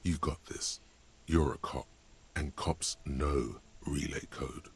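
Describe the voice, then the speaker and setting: A man's voice: rumbling low, takes it slowly, slightly rough, no echo, exaggerated voice. An actor voicing a blunt, sardonic male narrator in a game. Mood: dry.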